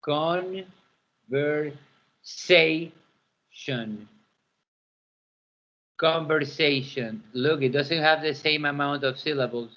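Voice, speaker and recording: A man's voice: fairly high pitch, steady tone, moderate pace, few pauses, pushed and bright. A man teaching an English pronunciation lesson, repeating words to model their stress. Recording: dull lo-fi classroom recording.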